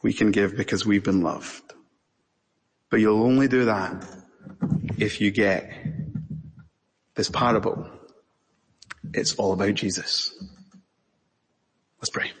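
A man with a Scottish accent preaching an impassioned sermon, with long pauses between phrases. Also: lowish voice, steady tone. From Scotland. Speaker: pastor. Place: church sanctuary. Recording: reverberant church hall.

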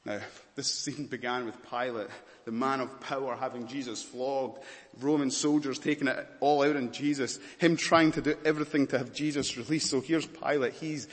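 A man's voice: mid-range voice, fairly even intonation, moderate pace, big-room sound. A man preaching a dramatic sermon in a church, questioning the congregation intently.

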